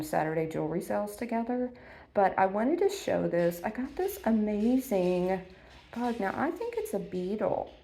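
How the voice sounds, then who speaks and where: A woman's voice: fairly low pitch, vocal fry. A middle-aged woman, chatting casually through an unboxing, gushing and full of ums, close to tears at times. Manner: warm and gushing, many ums, emotional near tears. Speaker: vintage reseller vlogger.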